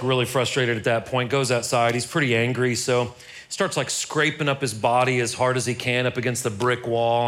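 A male pastor giving a sermon in a loose, conversational way, often stumbling over repeated words. His voice sits at an everyday middle pitch for a man. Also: fairly bright tone.

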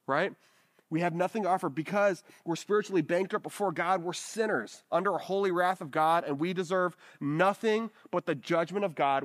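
A man's voice: high-pitched, fairly bright tone. A man preaching a sermon in a casual, conversational way, often checking in with his listeners with "right?". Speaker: pastor.

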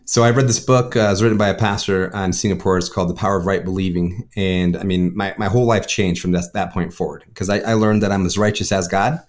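A man, a pastor, telling his life story in casual conversation, rushing with repeated words and restarts. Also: deep voice, steady tone. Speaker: pastor and guest. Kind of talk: casual spoken testimony.

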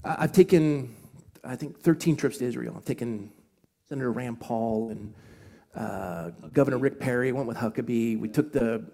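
A man from Scotland, a pastor, preaching at a live event in an animated storytelling way with quick asides. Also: medium pitch, vocal fry.

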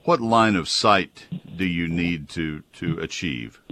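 A man's voice: deep voice, slow pace, noisy background. A man hosting a call-in gardening radio show, explaining plant care patiently and politely to callers.

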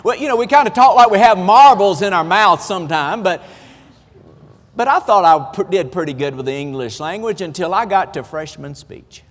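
Folksy Southern preacher, lively high voice. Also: male voice, normal speed, in a large hall. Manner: folksy, storytelling, self-deprecating humor. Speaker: pastor. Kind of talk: sermon.

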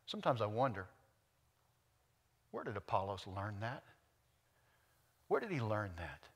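A man with an Oklahoma accent preaching a sermon, folksy and animated, often building to loud excitement. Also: fairly low pitch, a little slow, breathy edge, big-room sound. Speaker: pastor.

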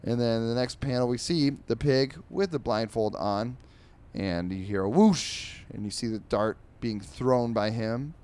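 A man's voice: medium pitch, fairly even intonation, darkish tone, smooth. Rambling sarcastic man reading comics. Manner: rambling, sarcastic asides, chuckles at jokes; does quick voices for characters. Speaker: comedy podcast host reading comics aloud. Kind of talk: casual comic reading with commentary.

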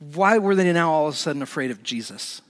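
A man preaching a sermon as a pastor, animated and building to emphatic peaks. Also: fairly high pitch, fast talker, big-room sound.

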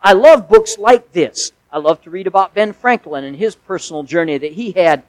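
Pastor, male, slightly higher voice, folksy conversational sermon that rises to emphatic peaks, dry sound. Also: animated, moderate pace, no echo, rough recording. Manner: conversational preaching with folksy asides and emphatic swells.

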